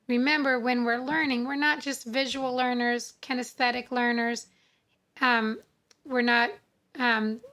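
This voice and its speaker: A woman teaching English spelling, sounding out words slowly and repeating each rule. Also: on the high side, pushed and bright. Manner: slow, deliberate, sounding out words and repeating rules. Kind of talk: phonics lesson.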